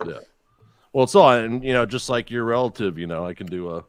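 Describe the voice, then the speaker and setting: A man's voice: mid-range voice, a little fast, clear, resonant tone, no room sound. A man hosting a casual chat, telling profane, jokey stories and dropping into voices. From Chicago area. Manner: profane, jokey storyteller who slips into voices. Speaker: podcast host.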